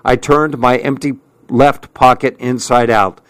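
A man narrates a story in an unhurried, measured way. His voice sits at a middle pitch, and the recording is dry and close. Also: fairly even intonation, no room sound. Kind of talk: audiobook narration.

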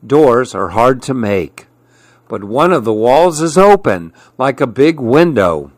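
A man reading children's storybooks aloud in a gentle, expressive way with playful emphasis. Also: medium pitch, slow, no room sound.

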